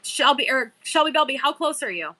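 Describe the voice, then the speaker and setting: A woman's voice: high-pitched, lively intonation, a little fast, pushed and bright. A woman hosting a casual live-selling stream, chatting with viewers and reading their bios aloud. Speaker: live-stream seller host. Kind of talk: casual livestream chat.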